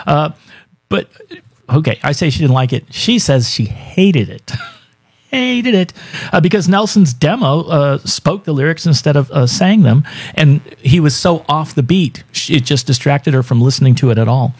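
A man's voice: fairly high pitch, animated, moderate pace, a little mellow, breathy edge. A man co-hosting a radio show in casual banter, chatty and joking as he reads out this day in history. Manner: chatty, laughs often, light joking delivery. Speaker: radio co-host.

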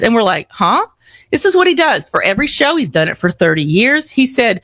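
A chatty woman with a drawl spins a story, her pitch rising and falling in wide swings as she acts out each voice. She is recorded close and dry, with no room sound at all. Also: moderate pace, no echo. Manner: animated, chatty storyteller acting out quotes. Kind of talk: casual storytelling chat.

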